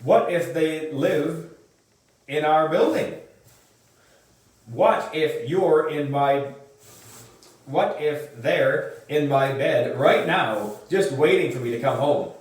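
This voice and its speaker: A man's voice: a little high, takes it slowly, long pauses. A man voicing a frightened young boy who stammers, in a storybook reading recorded in an echoey room from far off. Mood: panicked. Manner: stammering, fearful.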